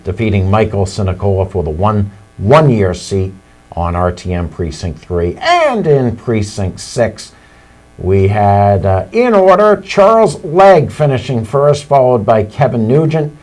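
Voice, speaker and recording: A man's voice: lowish voice, very animated, unhurried, darkish tone. A man hosting live local election coverage, reading out vote counts with chatty asides and the occasional slip. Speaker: local TV election results host. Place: local TV studio.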